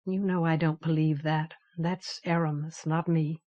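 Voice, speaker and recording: Brooding young male imager, measured and withdrawn, audiobook read by a woman. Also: medium pitch, animated, dull audio, lightly acted. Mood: guarded. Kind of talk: audiobook character reading.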